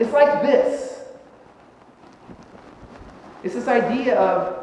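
A male pastor delivering a sermon, animated and sarcastic, swinging between loud bursts and quiet asides. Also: very high voice, extremely slow, pauses often, slight background noise. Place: church sanctuary. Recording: echoey hall recording from far off, dull sound.

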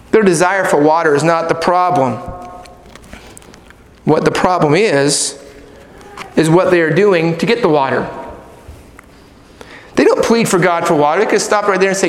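Middle-aged male pastor, animated sermon delivery, very high pitch, long room reverb. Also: a little slow, pauses often. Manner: animated, acts out people and God in quoted voices. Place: church sanctuary. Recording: echoey hall with long reverb.

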